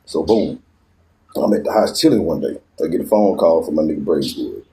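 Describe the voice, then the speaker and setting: Man, casual storyteller, slangy, animated, lively pitch, low mellow tone. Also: brisk, low-quality recording. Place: outdoors in a garden.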